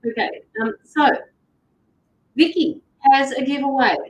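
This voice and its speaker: A woman's voice: high-pitched, a little slow, a little hiss or hum, rough recording. Chatty Australian woman hosting a livestream. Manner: chatty, greets viewers and reads their comments aloud. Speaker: tarot reader and livestream host. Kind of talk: casual livestream chat.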